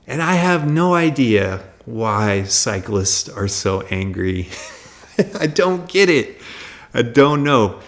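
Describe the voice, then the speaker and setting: A middle-aged man speaks at a mid pitch while he hosts a casual livestream. He tells his story in an animated, exasperated way and laughs between points. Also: measured pace. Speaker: livestream host.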